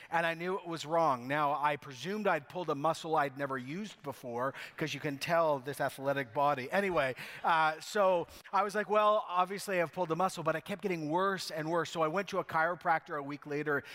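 A man preaching from the pulpit, his voice sitting a little high for a man. He is a pastor with a wry, self-mocking way of telling stories. A long reverb trails each phrase through the church. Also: a bit bright. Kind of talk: sermon.

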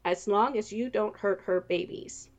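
A woman's voice: medium pitch, measured pace, close to an everyday voice. A woman voicing a bold, unbothered young princess who talks casually and breezily. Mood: breezy.

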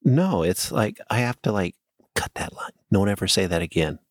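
A man's voice: fairly low pitch, lively intonation, a little fast, no room sound. A man co-hosting a podcast, reading listener stories aloud in a plain way and trading dry banter. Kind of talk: casual podcast chat and story reading.

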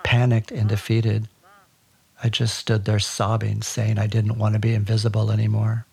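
Male podcast storyteller, deadpan and wry, low voice with gravelly fry. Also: moderate pace. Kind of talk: personal story narration.

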